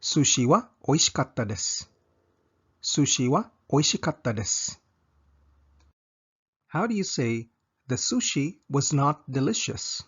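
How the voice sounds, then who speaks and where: A man teaching a language lesson, saying each example slowly and repeating it twice. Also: medium pitch, very animated, slightly rough, highs cut off.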